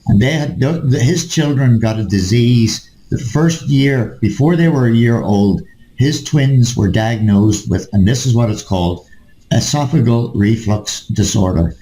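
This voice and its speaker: A man's voice: mid-range voice, measured pace, mellow, roomy sound, rough recording. A man in casual chat, ranting and swearing, repeatedly calling his listener mate. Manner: ranting, profane, keeps addressing the listener as mate.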